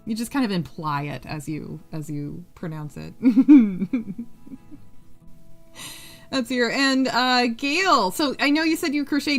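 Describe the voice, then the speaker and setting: A woman from the US Pacific Coast hosting a crochet livestream, chatting with viewers, giggling, swearing freely and counting stitches under her breath. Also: medium pitch. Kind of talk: casual chat while crocheting, reading chat aloud.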